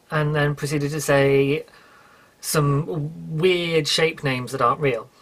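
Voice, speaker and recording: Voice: medium pitch, steady tone, takes it slowly, a bit bright. British solo podcaster, chatty, rambling, self-correcting. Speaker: podcast host. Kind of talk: casual solo podcast chat.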